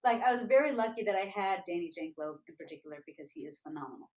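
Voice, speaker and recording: A woman tap dancer telling stories as an interview guest, lively and animated, often scatting rhythm syllables aloud to show her ideas. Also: fairly low pitch, quick pace.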